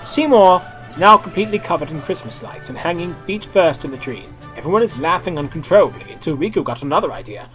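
A young man reads a silly story aloud in a playful, dramatic way. His voice sits a little high and swings widely in pitch. The recording is dull and lo-fi, with faint music underneath. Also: quick pace, few pauses. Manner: switches between character voices, lively and playful. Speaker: reader of fan fiction.

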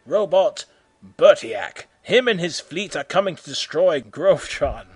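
A man voicing a panicky, paranoid furry monster father who shouts warnings. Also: a little high, big pitch swings, measured pace, breathy edge, dry recording, exaggerated voice. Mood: frantic. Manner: frantic, shouting.

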